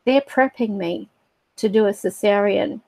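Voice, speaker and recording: A middle-aged woman telling a personal story on a livestream, halting and reflective with many fillers. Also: medium pitch, gravelly, darkish tone, dry recording, poor audio. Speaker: spiritual livestream host.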